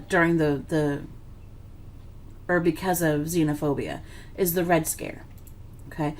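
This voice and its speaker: A woman's voice: fairly low pitch, darkish tone. Tired woman giving a history lecture. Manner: conversational, filler-heavy, checks in with "okay" and "right". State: yawning, a bit tired. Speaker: history teacher. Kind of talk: classroom lecture on slides.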